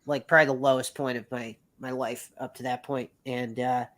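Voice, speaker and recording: A man's voice: medium pitch, flat delivery, moderate pace, fairly bright tone. A man in his thirties spins a long story in casual chat. He rambles on, circling back and swearing freely as he goes. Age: 30s. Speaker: podcast guest.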